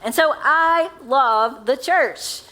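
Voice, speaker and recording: A woman's voice: high-pitched, takes it slowly, sharp tone, rough recording. A woman pastor with a Southern accent, preaching a sermon in a casual, conversational way and asking the congregation questions. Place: church sanctuary.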